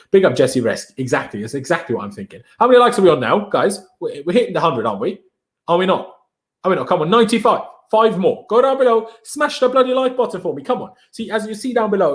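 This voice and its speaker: A young Austrian whose first language is German hosts a live stream at medium pitch. His casual chat is full of slang and energy as he gets viewers excited.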